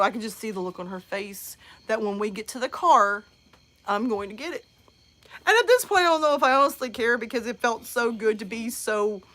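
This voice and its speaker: A mother hosting a live show, telling a comic story in a lively, chatty way with lots of fillers. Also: high voice. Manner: animated, many "like" fillers, acts out voices.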